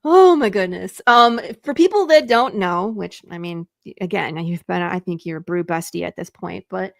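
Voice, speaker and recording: A woman's voice: on the low side, moderate pace, creaky, no room sound, studio quality. A woman hosting a casual video-call talk show, telling stories with lots of laughter. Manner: laughing, animated storytelling. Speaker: podcast host. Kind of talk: casual chat.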